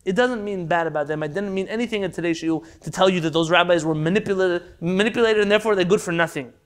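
A man teaching a Torah class in an impassioned lecture, swinging from loud rhetorical questions to quiet, intense pleas. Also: high voice, fast talker, clean tone.

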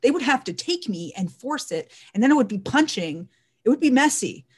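A woman speaking in a casual monologue, emphatic and animated, often repeating words for stress. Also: fairly high pitch, normal speed, husky.

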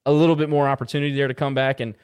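A man's voice: medium pitch, level tone, very fast, darkish tone, smooth. A man co-hosting a sports podcast, casually running through baseball box scores with lots of "uh" fillers. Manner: rattles off baseball stats with filler "uh"s. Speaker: podcast co-host.

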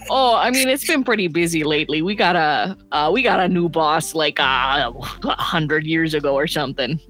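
A woman's voice: low voice, normal speed, a bit bright, pitched below the performer's own voice, poor audio. A woman voicing a chatty, overworked devil office worker in a tabletop game. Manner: chatty, easygoing.

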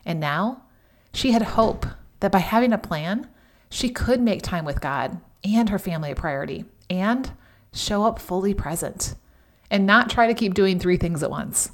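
A middle-aged woman hosting a devotional podcast in a chatty, emphatic way, with sudden animated outbursts. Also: medium pitch, normal speed. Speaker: podcast host.

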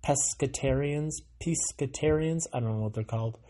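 An American man hosting a sarcastic solo monologue, reading out a news item and breaking off into mocking asides that swing from loud to muttered. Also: mid-range voice, moderate pace. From United States. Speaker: solo commentary host.

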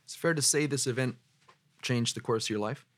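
A man interviewing a guest, speaking in brief, gentle prompts. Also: medium pitch, a little fast, no room sound.

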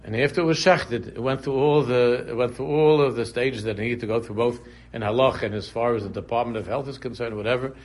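A man's voice: medium pitch, fairly even intonation, fast, few pauses. A man teaching a casual religious class, talking conversationally, repeating phrases and drifting into humorous examples. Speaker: Torah teacher.

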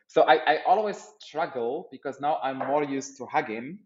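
A Moroccan startup founder in his thirties tells a funny story on a podcast in a casual, interview-style chat. His mid-range voice moves at a moderate pace, and he laughs often and repeats words as he goes. The recording is reverberant and lo-fi.

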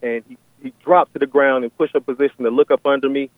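A man's voice: medium pitch, steady tone, quick pace, no echo. A man calling in to a radio show to describe a vision, hesitant and full of fillers and restarts. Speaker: caller. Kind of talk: phone-in call sharing a vision. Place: on a phone call. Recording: tinny phone line, dry.

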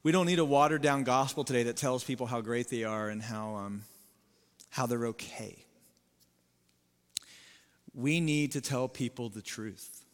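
A male pastor preaching a sermon, emphatic, swinging from loud rising appeals to low sober warnings. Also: moderate pace, pauses often, big-room sound.

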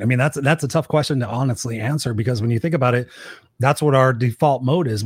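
Fast-talking husky man hosting a chat. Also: medium pitch, no room sound, clean studio sound. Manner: animated, swears freely, acts out quoted voices. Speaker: podcast host. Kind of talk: casual coaching conversation.

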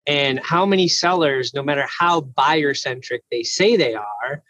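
A man's voice: medium pitch, unhurried, bright, forceful tone, no echo. A man in casual conversation, talking earnestly and thoughtfully with lots of "like" fillers. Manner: earnest, reflective, many "like" fillers.

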